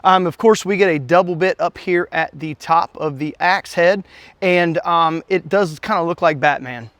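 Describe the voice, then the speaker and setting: A man's voice: fairly high pitch, moderate pace, a bit bright, dry recording. Upbeat man reviewing gear, dry sound. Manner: enthusiastic, folksy, chatty. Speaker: gear reviewer, channel host. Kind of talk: casual hands-on product review.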